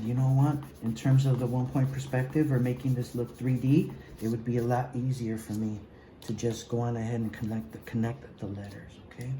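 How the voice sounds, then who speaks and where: Dark-voiced man teaching art. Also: mid-range voice, reverberant, slight background noise, low-quality recording. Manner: encouraging, repeats "okay?" and "guys"; talks while drawing, often drops to a mumble. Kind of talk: recorded drawing lesson.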